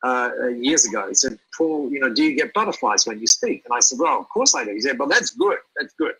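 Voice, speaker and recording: A man's voice: mid-range voice, big pitch swings, quick pace, pushed and bright, husky, poor audio. A middle-aged man as an interview guest, talking animatedly and often repeating words as he thinks aloud. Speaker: speaker and guest. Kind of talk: conversational interview.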